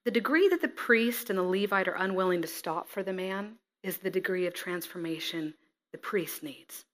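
A woman preaching a sermon, reading scripture and acting out the figures with lively expression. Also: fairly low pitch, moderate pace. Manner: expressive, acts out scripture figures, laughs at herself.

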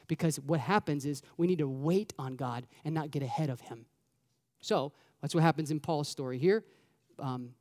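A man preaches a sermon with a high, light voice. He talks in a lively, conversational way and keeps asking his listeners rhetorical questions. His voice rings out with a long reverb from a large room. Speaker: pastor.

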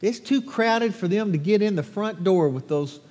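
A man with a notably high voice leads a children's sermon, firing questions at the kids and adults. His words ring out with a long reverb through a large church sanctuary, and his delivery stays animated and playful. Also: normal speed. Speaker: pastor. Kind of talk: children's sermon and scripture reading.

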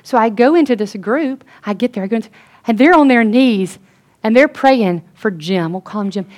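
A woman giving an earnest sermon-style testimony, telling a story and dropping to a hush for quoted lines. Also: fairly high pitch, expressive, normal speed. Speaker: speaker at a Christian gathering.

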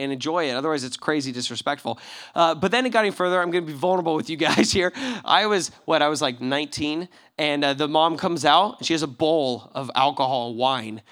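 Bright, animated preacher man telling a story. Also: high voice, smooth. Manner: animated storyteller acting out quoted voices, swinging from loud to hushed. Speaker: pastor. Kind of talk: sermon storytelling.

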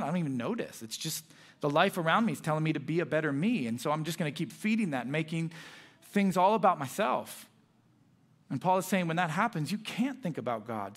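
A young adult man, a pastor, preaching a sermon with earnest emphasis and reading scripture aloud. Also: on the high side.

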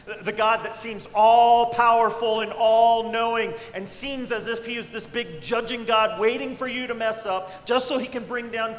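A male preacher delivers a sermon with a bright, high-pitched voice. He swings from near-whispers to ringing cries. The sound is echoey, with a long hall reverb and faint ambient noise behind him. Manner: dynamic preaching, dropping to hushed tones then rising to cries. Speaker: pastor.

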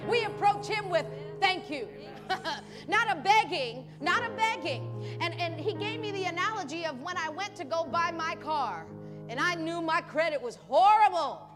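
A woman pastor preaching a sermon at a church service, animated and acting out pleading voices, laughing often. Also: very high-pitched, normal speed, long reverb tail, music in the background.

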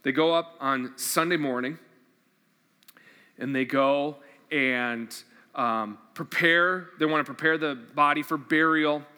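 A man's voice: a little high, slow pace, sharp tone, clean tone. A man preaching a sermon, enthusiastic and conversational, reading scripture and asking his listeners questions. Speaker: pastor. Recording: long hall reverb.

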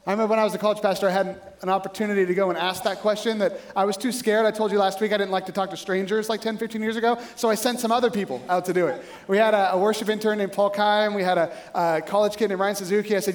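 A man's voice: high-pitched, rapid-fire. A male pastor preaching a sermon in a conversational way, telling stories and often asking "right?". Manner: conversational, animated storytelling with frequent "right?".

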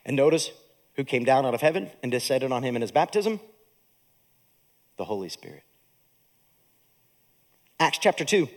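A man preaching a sermon as a pastor in a church, with animated delivery and joking asides to the congregation. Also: mid-range voice, moderate pace, long pauses.

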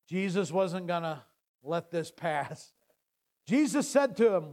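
A man preaching with a high, highly animated voice that rises and falls widely. He talks slowly and drawn out, swinging from loud declarations to near-hushed phrases. His retelling of scripture is casual and conversational. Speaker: pastor. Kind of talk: sermon.

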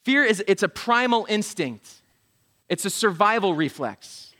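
A man's voice: high voice, big pitch swings, a little slow, bright, forceful tone. A man preaching a sermon to a congregation, telling the story with humor, jokey asides and acted-out voices. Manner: humorous, self-deprecating asides. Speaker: pastor.

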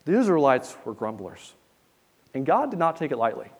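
A man's voice: mid-range voice, very animated, normal speed, husky. A man preaching an expository sermon as a pastor, talking in an earnest, conversational way that often restarts mid-sentence. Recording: long reverb in a large hall.

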